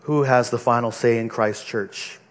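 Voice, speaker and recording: A man's voice: medium pitch, fairly even intonation, moderate pace, long reverb tail. Earnest male pastor preaching. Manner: earnest, conversational preaching with frequent restarts. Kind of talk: sermon. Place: church pulpit.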